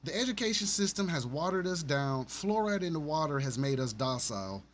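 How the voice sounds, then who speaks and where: A man's voice: on the high side, sing-song, a little fast, slight background noise. A man hosting his own podcast, ranting in a profane, sarcastic and rambling way. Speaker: podcast host. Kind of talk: ranting solo commentary.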